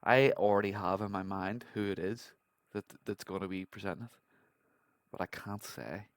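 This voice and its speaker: A man's voice: low-pitched, moderate pace, no room sound. A man hosting a podcast, reacting to a clip in casual, blunt commentary full of swearing. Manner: swears a lot, blunt and ranting.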